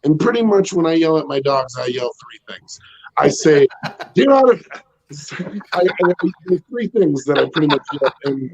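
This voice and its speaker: A man in his thirties with a loud, bassy voice, doing a rambling stand-up set from home with lots of ums and chuckles. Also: lively intonation, normal speed, vocal fry, dull audio. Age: 30s. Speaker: stand-up comedian. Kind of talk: casual stand-up set over video call. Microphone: home video call.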